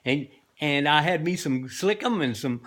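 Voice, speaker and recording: A man's voice: fairly high pitch, lively intonation, normal speed, a bit bright. A man voicing a folksy old male roadside showman who boasts about his odd animals in a rambling way. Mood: boastful.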